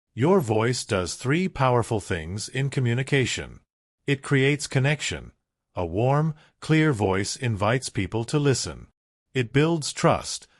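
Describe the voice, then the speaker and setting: A man reading a self-help audiobook as scripted narration, in an even, instructive way with deliberate pauses. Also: mid-range voice, no room sound, studio quality.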